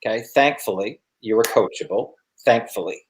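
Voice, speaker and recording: A man's voice: fairly low pitch, moderate pace, slight background noise. Male coach hosting an interview; punchy, repetitive motivational delivery. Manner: emphatic, repeats words for effect. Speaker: host and business coach.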